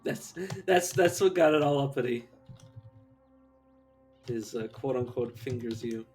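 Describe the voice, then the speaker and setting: A man's voice: medium pitch, a little slow, darkish tone, faint music behind. A young man streaming a video game live, chatting to viewers and dissolving into helpless laughter. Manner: giggly, breaks into helpless laughter.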